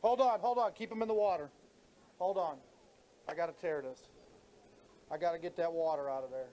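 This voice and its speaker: A man emceeing a live fishing tournament weigh-in outdoors on a handheld mic, hyping the crowd and stretching out shouted weight totals. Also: fairly high pitch, a little hiss or hum. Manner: hype announcer, drawn-out shouted totals. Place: outdoor lakeside weigh-in stage.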